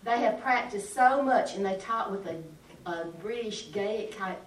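A woman telling a story with lively enthusiasm in a casual faith discussion. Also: mid-range voice, normal speed. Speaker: church discussion participant. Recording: echoey room, mic far off, faint noise.

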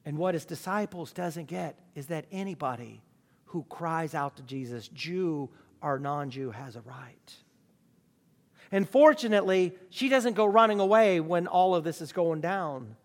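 A man's voice: on the high side, lively intonation, a little slow. A man preaching a sermon with emphatic rhetorical questions. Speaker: pastor. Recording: long reverb of a large hall.

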